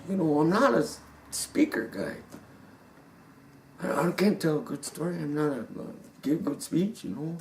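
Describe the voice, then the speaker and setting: A man giving a personal testimony, halting and repeating his words, earnest and devout. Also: fairly high pitch, a bit bright, slight background noise. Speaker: speaker telling his story. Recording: roomy sound from a distant mic.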